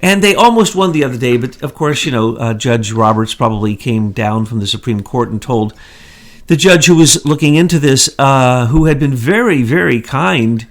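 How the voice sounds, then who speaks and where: An indignant man co-hosting a political talk show, his pitch sitting in an ordinary middle range. He fires off one rhetorical question after another in a heated, accusing commentary. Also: animated, moderate pace. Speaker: co-host.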